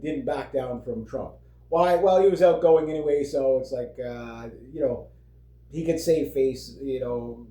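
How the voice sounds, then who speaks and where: A man's voice: medium pitch, warm tone. A man ranting casually on his vlog, rambling and swearing, with lots of fillers and frequent laughs. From Canada. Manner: rambling, profane, heavy fillers, laughs often. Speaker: vlogger. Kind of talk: casual political rant. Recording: roomy echo.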